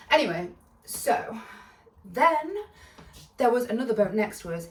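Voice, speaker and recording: A woman's voice: on the high side, very animated, a little slow, long pauses, darkish tone, distant mic. A woman telling a storytime vlog in a bubbly, giggly, rambling way, full of side notes. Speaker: vlogger. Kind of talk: casual storytime. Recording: echoey room, voice a bit off-mic.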